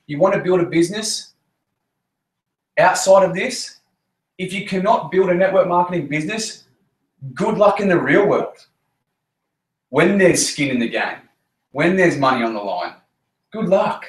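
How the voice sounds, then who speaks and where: A man's voice: on the high side, moderate pace. Blunt man in echoey room. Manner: blunt, repetitive, swears freely, punchy emphasis. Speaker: network marketing team leader. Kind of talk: motivational team talk. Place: meeting room with a group. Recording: roomy echo.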